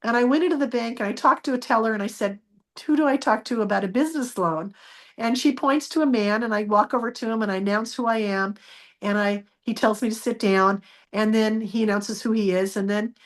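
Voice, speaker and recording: A woman telling a personal story as a guest, acting out the dialogue with lively changes of voice. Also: on the high side, a little fast. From United States. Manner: animated, acts out quoted dialogue.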